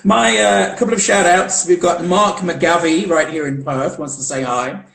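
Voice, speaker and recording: A man's voice: high voice, fairly even intonation, normal speed, gravelly, a bit bright. A man hosting a casual live video chat interview, chatty and giggly, with lots of fillers and restarts. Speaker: host. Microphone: video call. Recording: roomy echo on a video call.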